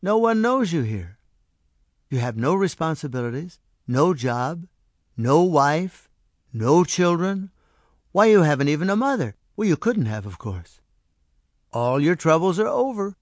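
A man voicing a small mysterious stranger who speaks softly and patiently. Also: on the high side, big pitch swings, measured pace, no room sound, studio quality, pitched above the performer's own voice. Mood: delighted. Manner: soft, patient and coaxing. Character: small mysterious male stranger, gentle and knowing.

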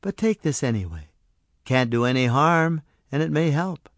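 A man voicing a small mysterious stranger who speaks softly and patiently. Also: a little high, lively intonation, moderate pace, dry recording, clean studio sound. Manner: soft, patient and coaxing. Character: small mysterious male stranger, gentle and knowing.

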